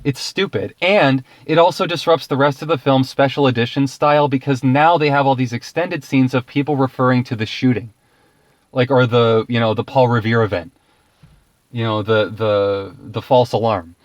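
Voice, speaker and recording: A man's voice: mid-range voice, normal speed, dry recording. Man, casual film review rant, exasperated, profane, laughing, dry close sound.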